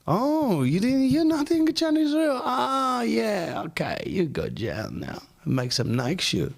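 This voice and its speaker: A man's voice: very high voice, huge pitch swings, takes it slowly, vocal fry, pitched above the performer's own voice, heavily acted. A man voicing a mocking male official who talks in clipped, broken speech.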